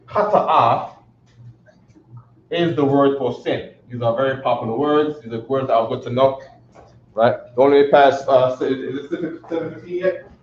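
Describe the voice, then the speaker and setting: A man's voice: medium pitch, fairly quick, slight background noise. A man with a New York accent teaching a classroom lecture, talking loosely and repeating himself, often checking with "right?". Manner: repetitive, conversational, checks with "right?". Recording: echoey room, dull lo-fi sound.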